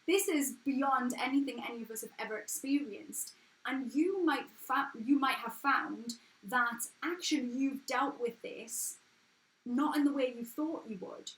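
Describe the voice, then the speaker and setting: Woman in her 30s, down-to-earth English accent, earnest and frank live-stream host, slightly high voice. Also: measured pace, fairly bright tone. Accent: English, not posh. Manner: frank, earnest and chatty, with restarts and swearing. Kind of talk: casual motivational live chat. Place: at home. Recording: echoey room.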